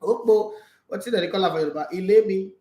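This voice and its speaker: A man's voice: high voice, fast talker, warm tone, reverberant. A Nigerian man reading football transfer news aloud with opinionated asides and jokes slipped into pidgin. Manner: opinionated, joking asides in pidgin, laughs often. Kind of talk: casual chat reading and reacting to news.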